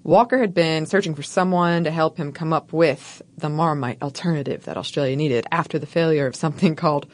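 Woman, podcast co-host, lowish voice, wry playful storytelling, scripted narration with banter. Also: a little fast, hardly any pauses.

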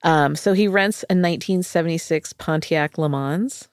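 A woman's voice: sits low, normal speed, no echo, studio quality. A woman co-hosting a comedy podcast, telling a true crime story in a playful, joking way. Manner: playful, puts on silly voices for quotes. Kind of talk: casual comedic storytelling chat.

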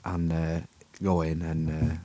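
A man's voice: rumbling low, monotone, unhurried, warm tone. A man casually chatting on a podcast, telling a story with laughs and casual swearing. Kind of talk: casual chat.

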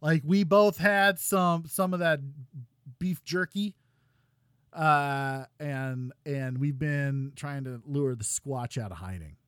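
A man co-hosting a casual gaming podcast, talking in an animated, rambling way with laughs and restarts. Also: on the high side, slow, clean tone, no echo, clean studio sound. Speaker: podcast co-host.

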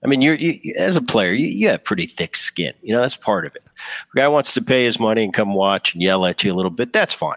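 A former baseball player chats casually as an interview guest, telling relaxed stories with frequent restarts. His voice is lowish and he talks fast, in a dry recording.

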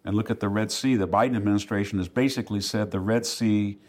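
A man's voice: on the low side, steady tone, quick pace. An older man, a historian guest in a podcast interview, arguing emphatically and fluently and acting out quoted asides.

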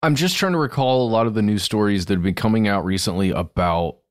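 A man's voice: on the low side, quick pace, no room sound, studio quality. A man co-hosting a podcast, chatting casually and hesitantly, laughing along. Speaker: podcast co-host. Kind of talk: casual chat.

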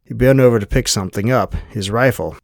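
A man narrating an audiobook in an even, measured reading style. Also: medium pitch, gravelly, no echo, clean studio sound. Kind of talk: scripted narration.

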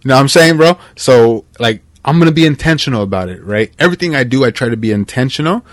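A man hosting a podcast, talking in a casual, heartfelt and animated way, dropping "man" and "bro" constantly. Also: mid-range voice, quick pace, no echo, clean studio sound. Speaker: podcast host.

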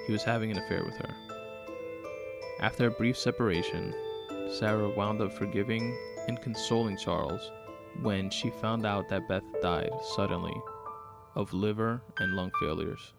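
Gravelly, low-voiced male story narrator. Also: no echo.

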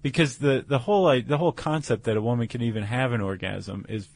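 A man's voice: medium pitch, fast, darkish tone. A man co-hosting a podcast, explaining science in casual chat with fillers and restarts. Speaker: podcast co-host.

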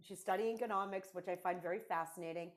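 A woman's voice: on the low side, steady tone, fast. A middle-aged woman talking as a podcast guest and mentor, in an emphatic, conversational way that repeats key phrases.

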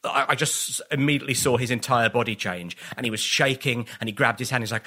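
A man's voice: mid-range voice, fast, bright, forceful tone. A man, a comedian guest on a podcast, chatting casually and telling rambling anecdotes full of restarts and acted-out quotes.

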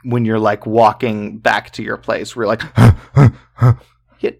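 A man's voice: on the low side, flat delivery, moderate pace, vocal fry. A man co-hosting a podcast, telling a true-crime story in a loose, chatty way full of fillers and swearing. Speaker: podcast co-host.

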